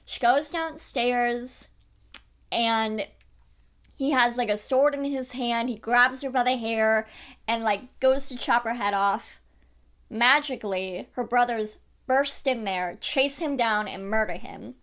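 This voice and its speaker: A young woman retelling a dark fairy tale for her book channel, animated and chatty, with plenty of fillers. Her voice sits fairly high. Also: slow. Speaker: book vlogger. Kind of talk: casual book review chat.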